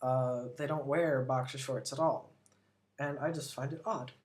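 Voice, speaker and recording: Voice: mid-range voice, fairly even intonation, unhurried. An American vlogger living in Britain, rambling casually and talking with lots of "like" and strong opinions. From United States. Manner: chatty, rambling, full of "like", opinionated. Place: lives abroad in Britain.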